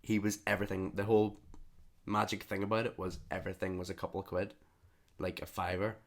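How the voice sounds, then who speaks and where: A young man co-hosts a podcast and tells a rambling bus story in an easy, chatty way. His voice sits a little low, and he slips into the other people's lines as he goes. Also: fast. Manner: animated anecdote teller who acts out the other people's lines. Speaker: podcast co-host. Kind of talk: casual storytelling chat.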